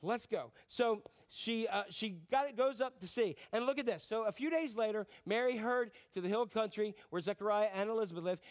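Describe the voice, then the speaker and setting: Man, pastor, sermon, high voice, animated, asks the crowd questions, acts out quotes.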